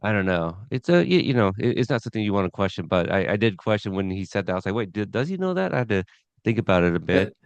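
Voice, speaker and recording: A man's voice: sits low, fast, clean tone, dry recording. A man hosting a casual podcast, recapping an episode from his notes in a rambling way with chuckles. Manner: rambling, chuckling, reads scene notes aloud.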